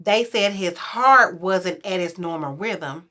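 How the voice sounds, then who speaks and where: This forty-something woman is a guest on a podcast, slowly telling a story in a casual way. Quotes get acted out in a voice that goes louder and higher.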